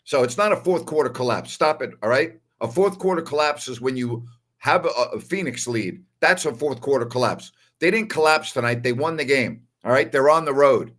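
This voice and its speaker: A man's voice: mid-range voice, moderate pace, fairly bright tone. A man with a New York accent hosting a casual postgame show, who reads viewer comments and makes his point emphatically with repeated tag questions. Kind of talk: casual livestream chat, reading viewer comments.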